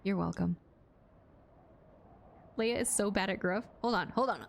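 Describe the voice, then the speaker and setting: A woman with a medium-pitched, creaky voice streams a game live, chatting playfully with her viewers at a moderate pace and giggling often. She leaves long pauses, and there's slight background noise.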